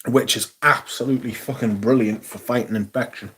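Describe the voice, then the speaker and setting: A man hosting a casual livestream, chatting and answering viewers in an animated, exclamatory way and swearing freely. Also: mid-range voice, moderate pace, breathy edge. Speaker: livestream host. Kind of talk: casual livestream chat, reading viewer comments.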